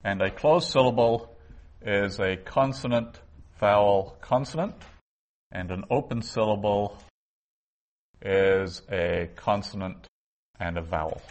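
Slow, low-voiced man teaching a lesson. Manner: patient, methodical explaining with frequent restarts. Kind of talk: biblical Hebrew lesson.

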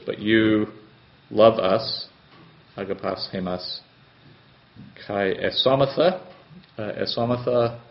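A man teaching a grammar lesson as a language tutor, slow and methodical, with frequent pauses and hesitations. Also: on the low side. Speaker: Greek tutor. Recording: slightly dull, lo-fi sound.

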